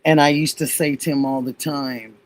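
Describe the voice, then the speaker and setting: A woman hosting a livestream, chatting casually and telling an animated story. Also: rumbling low, normal speed. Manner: animated storyteller, quotes others. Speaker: livestream host.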